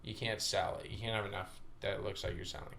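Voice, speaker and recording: A young man co-hosting a podcast, telling animated stories in casual chat, swearing often and acting out the voices of people he quotes. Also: fairly low pitch, fast, vocal fry. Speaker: podcast co-host.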